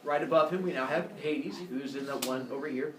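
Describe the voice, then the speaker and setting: A man teaching a class, with a voice that sits a little high. He lectures playfully and jokes as he goes. He is heard from across an echoey room with faint background ambience. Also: brisk, recorded from a distance, noisy background. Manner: joking, playful storytelling.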